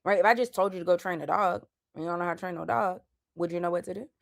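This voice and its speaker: A woman in her thirties hosting a casual chat, animated, slangy and emphatic as she makes her points. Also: fairly low pitch, very fast, vocal fry, no room sound, clean studio sound. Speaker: podcast host.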